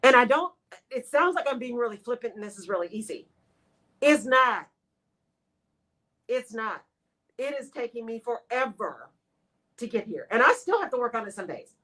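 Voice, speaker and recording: A woman's voice: on the high side, expressive, moderate pace, long pauses, bright, forceful tone, low-quality recording. A woman hosting a live radio talk show, speaking expressively to her listeners and acting out her own inner voice.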